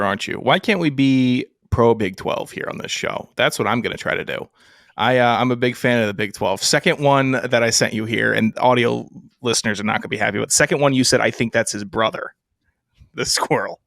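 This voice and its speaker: A man co-hosts a sports podcast, making his points emphatically and stacking repeated phrases into lists. His voice has a middle pitch, and the recording is dry and close. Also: a little fast, creaky, fairly bright tone, no echo. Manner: emphatic, repetitive, builds rhetorical lists. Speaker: podcast co-host. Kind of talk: casual sports chat.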